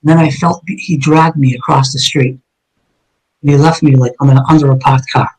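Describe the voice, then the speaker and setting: Middle-aged ex-cop guest, high-ish voice, intense retelling full of restarts. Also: male voice, fairly even intonation, moderate pace, a little mellow, husky, rough recording. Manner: vivid and intense, with frequent restarts and repeated words. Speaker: retired detective telling his story as a guest. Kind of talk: dramatic first-person storytelling in an interview.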